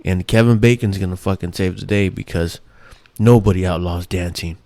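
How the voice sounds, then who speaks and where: A man's voice: deep voice, steady tone, normal speed, gravelly, mellow, no room sound. A man hosting his own show, ranting in a rambling, profane, exasperated way with many restarts. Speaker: podcast host. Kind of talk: casual ranting monologue.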